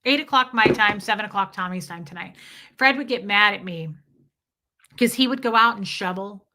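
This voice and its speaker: Woman, 30s, vlogger; bright, tense tone; animated, candid storyteller who swears at times. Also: mid-range voice, moderate pace, a little hiss or hum. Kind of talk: casual storytelling to viewers.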